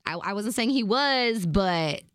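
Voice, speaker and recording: A woman's voice: medium pitch, animated, measured pace, fairly bright tone, smooth, dry recording, studio quality. Young woman telling a slangy storytime. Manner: slangy, chatty retelling full of asides. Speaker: vlogger. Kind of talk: casual storytime chat.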